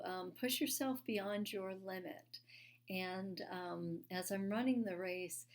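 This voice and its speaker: A woman giving a sermon, telling a personal story earnestly with frequent fillers and occasional hushed, soft-spoken moments. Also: on the low side. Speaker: speaker at a spiritual church.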